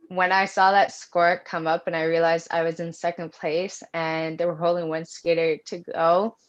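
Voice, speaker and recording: A woman, chatting earnestly as an interview guest and telling her story in detail. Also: on the low side. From Canada. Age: early 20s. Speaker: guest athlete. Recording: dull lo-fi audio.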